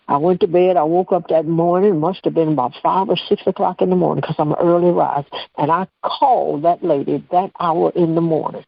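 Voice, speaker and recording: A woman guest, telling a personal story on a radio talk show and acting out the dialogue with lively energy. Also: lowish voice, a little fast, gravelly, dry recording. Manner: animated storyteller who acts out dialogue. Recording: dull, dry radio-show audio.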